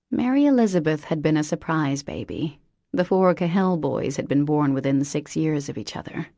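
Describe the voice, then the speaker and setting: A woman narrating a romance audiobook in an even, unhurried storytelling manner. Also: deep voice, no echo, studio quality. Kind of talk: scripted narration.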